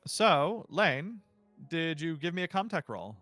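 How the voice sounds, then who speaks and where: A man's voice: on the high side, very animated, measured pace, sharp tone, faint music behind. A man narrating as game master in a casual, loose way with many fillers.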